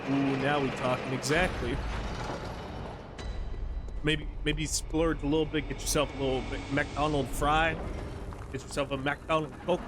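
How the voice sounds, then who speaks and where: A man in his twenties talks to his viewers while playing a game, rambling from one thought to the next. His speech is slangy and relaxed, broken up by frequent laughs, and his voice sits a little higher than most men's. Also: a little slow, pauses often, background noise. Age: 20s. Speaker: streamer. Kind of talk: casual gameplay commentary to chat.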